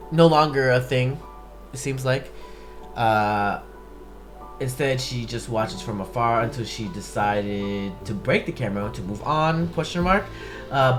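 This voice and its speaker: A man reacting to a music video, with excited outbursts and halting reading of a fan theory aloud. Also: medium pitch. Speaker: YouTube reactor. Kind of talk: casual reaction commentary. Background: music video playing clearly.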